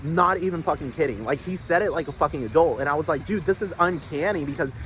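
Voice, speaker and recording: A young man talks in a loose, rambling monologue, swearing constantly and leaning on "like" and "dude." His voice sits a little high for a man. Faint city traffic hums behind him. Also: fast talker, a bit bright.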